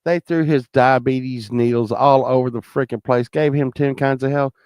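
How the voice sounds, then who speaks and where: A man spins a long, rambling anecdote, swearing freely and restarting his sentences. He slips into other people's voices as he tells it, at a middling pitch, and the sound is dry and close. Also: fairly even intonation, normal speed, darkish tone, clean tone, dry recording. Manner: profane, rambling, many restarts; acts out other people's lines. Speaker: storyteller.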